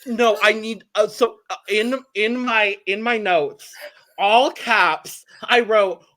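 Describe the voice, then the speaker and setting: A woman's voice: medium pitch, slow pace, fairly bright tone. A woman co-hosting a podcast, reacting expressively and emphatically in casual chat. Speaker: podcast co-host.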